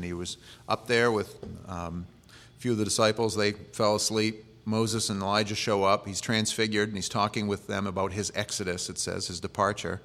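A man's voice: on the low side, a bit bright. A male pastor preaching a sermon in a conversational way, with humorous asides.

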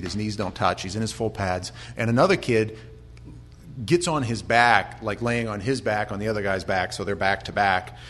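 An American man preaching a conversational Bible sermon, chatty with restarts, sometimes building to loud, impassioned storytelling. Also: lowish voice. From United States. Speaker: pastor.

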